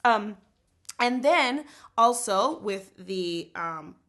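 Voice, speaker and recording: Bright, lively woman teaching singing. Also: medium pitch, drawn-out words. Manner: animated, explains with sung and spoken examples. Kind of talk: casual singing lesson.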